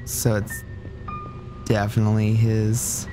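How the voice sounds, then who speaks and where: Low-voiced man joking through a horror game. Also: completely flat delivery, slow. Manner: joking, swears a lot, drops into whispers. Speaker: gaming streamer. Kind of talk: horror game let's play commentary. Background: game music.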